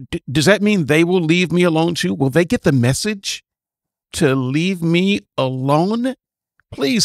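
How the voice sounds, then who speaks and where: A man with a slightly raised voice, talking very slowly in a flat, sarcastic, mocking way. The sound is dry and close, with no room echo. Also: fairly high pitch. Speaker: commentator. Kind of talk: reaction commentary.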